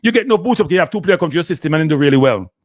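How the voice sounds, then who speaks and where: Hosting a live show, a man with a Jamaican accent rants and scolds in patois, his voice on the high side with lively intonation and a very fast delivery. The heated commentary is captured as a dry, clean studio recording.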